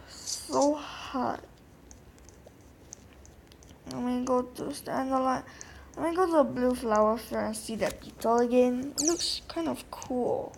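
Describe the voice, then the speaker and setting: A woman giving casual, excitable commentary while playing a game, talking to her viewers and often gasping. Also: high-pitched, slow pace, creaky, noisy background. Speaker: gameplay narrator.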